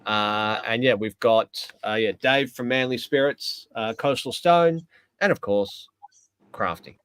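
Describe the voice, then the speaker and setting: A man's voice: mid-range voice, unhurried, a bit bright, clear, resonant tone, no room sound. A man co-hosting a casual chat, plugging events in an easygoing way. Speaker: podcast co-host.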